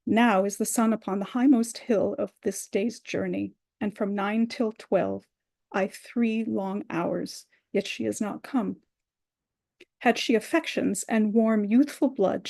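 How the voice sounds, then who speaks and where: A lovesick young girl, impatient and pleading, her lines rising urgently as she presses for news, read by a woman. The voice sits a little high. It carries the air of a Shakespeare reading. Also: vocal fry, dark tone. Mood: longing.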